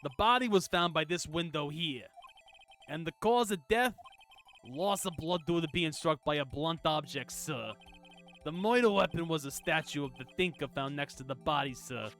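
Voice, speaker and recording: A man's voice: on the high side, moderate pace, a bit bright, faint music behind, close to an everyday voice. A man doing an eager, deferential detective. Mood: earnest. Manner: eager, deferential, keeps saying sir. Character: earnest dutiful male police detective. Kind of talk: reading game lines aloud on stream.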